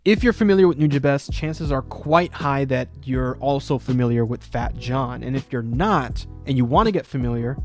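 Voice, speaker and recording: Rambling man with faint music behind. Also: mid-range voice. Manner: rambling, lots of "you know" fillers. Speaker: music video essay host. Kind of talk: casual talk about music.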